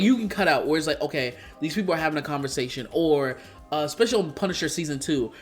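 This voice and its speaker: A young man ranting casually in an opinion vlog, rambling and exasperated, full of slang and fillers. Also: a little high. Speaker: YouTube commentator. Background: faint background music.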